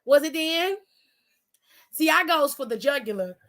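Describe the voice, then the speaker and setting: A woman's voice: high-pitched, lively intonation, measured pace, fairly bright tone. A woman co-hosting a casual wrestling aftershow, sassy and profane, firing off teasing rhetorical questions. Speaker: co-host.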